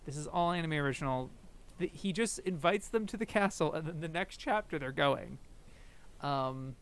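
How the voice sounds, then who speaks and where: Young male streamer, high voice with gravel, loose rambling commentary. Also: normal speed, fairly bright tone, a little hiss or hum. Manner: rambling, laughs often, briefly mimics characters. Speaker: streamer comparing anime episodes. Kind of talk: casual commentary.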